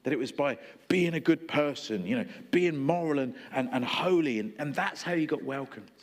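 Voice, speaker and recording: Storytelling male preacher, lively voices. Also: a little high, moderate pace. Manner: conversational storytelling, acting out voices. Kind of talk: sermon. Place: church hall. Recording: long hall reverb.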